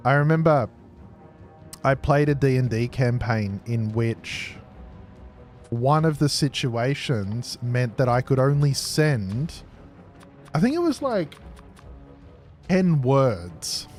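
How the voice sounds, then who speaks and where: Man, game streamer, casual chat, jokey, animated pitch, slow pace. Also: faint music behind. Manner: jokey, chatty, responds to chat aloud. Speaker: streamer playing a factory-building game.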